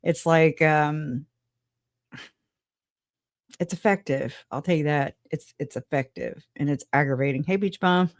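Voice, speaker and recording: A chatty woman runs a casual livestream, greeting her viewers one by one. She speaks slowly and frankly, with frequent laughs and a note of exasperation. The sound is dry, with no room echo. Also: deep voice. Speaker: livestream host.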